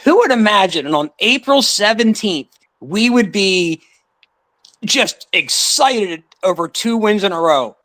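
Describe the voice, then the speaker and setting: A man's voice: high voice, lively intonation, measured pace, pushed and bright. A man calling in to a fan show, friendly and rambling with many restarts. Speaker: caller. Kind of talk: casual call-in chat.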